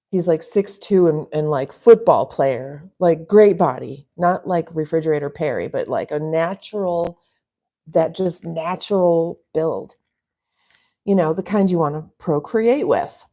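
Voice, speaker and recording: A woman's voice: fairly low pitch, a little slow, mellow. A middle-aged woman from the US West Coast hosting a casual live stream, rambling chattily and reading out viewer comments. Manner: rambling, chatty, laughs often. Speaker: livestream host reading chat.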